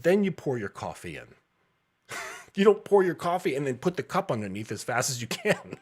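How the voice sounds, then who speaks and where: A man's voice: medium pitch, very animated, a little fast, slightly rough. A man in his thirties, a dating coach, talking bluntly and casually with frequent profanity and laughs.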